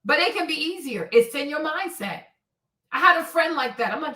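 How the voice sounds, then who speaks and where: A woman in her forties hosting a live stream delivers a blunt, preachy, casual rant, often checking "right?". She speaks at normal speed in a high-pitched, expressive voice that's pushed and bright. Echo fills the room, and the mic is a bit far from her.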